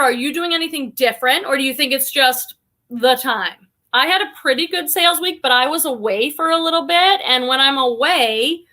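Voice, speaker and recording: A woman's voice: high voice, pushed and bright. A middle-aged woman from the United States hosting a casual live stream, chatting upbeat and reading viewer comments aloud.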